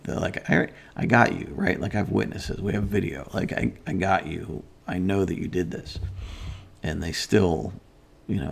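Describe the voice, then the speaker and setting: Deep gravelly man telling a story. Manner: rambling storytelling, frequent fillers and restarts. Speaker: host. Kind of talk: casual chat.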